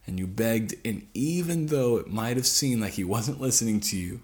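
A man's voice: mid-range voice, lively intonation, moderate pace, hardly any pauses, a little mellow. A man, a father, preaching a sermon in an earnest, pleading way, repeating phrases for weight.

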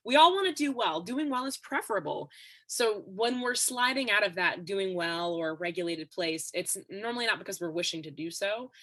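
A woman guest on a podcast interview, explaining ideas in a steady, instructive way. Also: mid-range voice, normal speed. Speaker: expert guest.

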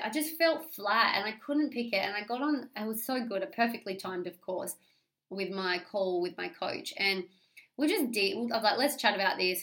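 Candid Australian woman, confessional monologue. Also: mid-range voice. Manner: open, confessional, swears freely; animated, rambling with restarts. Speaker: podcast host. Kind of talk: candid solo podcast monologue.

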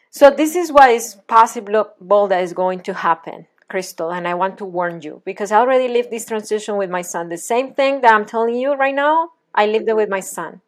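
A woman parenting coach leading a one-on-one session in a gentle, guiding, reassuring manner. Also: mid-range voice, animated, normal speed.

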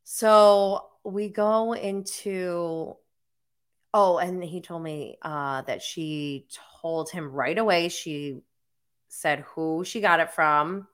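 A woman in her forties talks straight to camera at an unhurried pace, with a voice lower than most. She rambles through her story in a casual, chatty way and leans on "like" as she goes. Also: steady tone, clear, resonant tone. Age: 40s. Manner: chatty, filler-heavy storytelling with frequent "like". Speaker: mom vlogger. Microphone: camera mic.

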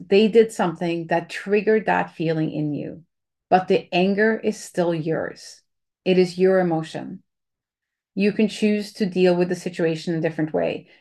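A woman's voice: on the low side, a little mellow. A woman giving casual, candid advice on handling anger, chatty, with many fillers and restarts.

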